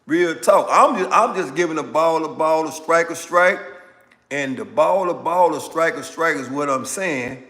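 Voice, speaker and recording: A man hosts a live stream and reacts to viewer comments in a loose, animated way, often repeating himself for emphasis. He speaks slowly in a bright, slightly raised voice. The room carries a long reverb. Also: on the high side. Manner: animated, repetitive, talks back to viewers. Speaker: livestream host. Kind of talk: casual political commentary reading chat.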